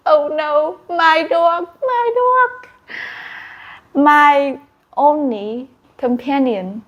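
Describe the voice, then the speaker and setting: Woman voicing a desperate king, pleading, high-pitched, slow. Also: lo-fi sound. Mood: grieving. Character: desperate grieving old king.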